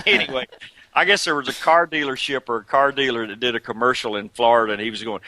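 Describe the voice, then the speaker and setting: An older man in a casual interview, chatting in an animated way about his career and breaking into imitations and laughs as he tells stories. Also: medium pitch, brisk, dry recording. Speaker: guest, retired wrestler.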